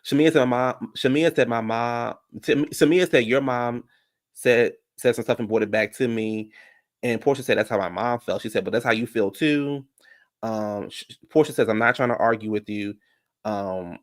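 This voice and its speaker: A man recapping a reality show in casual commentary, sassy and profane, talking straight to his viewers. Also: medium pitch.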